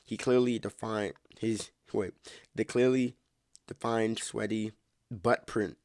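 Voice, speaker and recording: A man's voice: fairly low pitch, fairly even intonation, slow, a little mellow, no echo, studio quality. A man reading a story aloud as a podcast host, often stumbling, rereading lines and breaking off to comment on the text.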